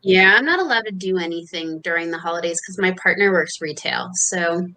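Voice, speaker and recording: A woman's voice: fairly low pitch, brisk, sharp tone, low-quality recording. A woman in casual chat, telling small stories about home life. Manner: chatty, storytelling.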